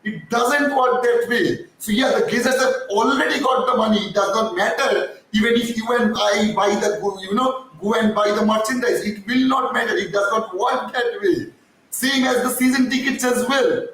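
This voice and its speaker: A man rants through a live-stream fan commentary in a fairly high voice, swearing and then apologizing for his heat. He sounds set back from the mic in a very echoey space with a faint hiss underneath. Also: normal speed, fairly bright tone, recorded from a distance. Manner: heated, ranting, swears, apologizes for getting hyper. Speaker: fan channel host.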